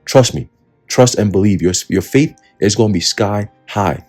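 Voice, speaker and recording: A man giving casual, street-style Bible teaching in slangy, profane talk, often pausing to ask his listeners "right?". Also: on the low side, darkish tone, soft background music. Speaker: preacher.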